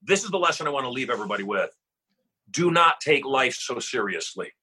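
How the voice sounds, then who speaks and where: Forceful husky man, motivational guest. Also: mid-range voice, very animated, brisk. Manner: emphatic, punchy repetition. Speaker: podcast guest. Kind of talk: motivational storytelling.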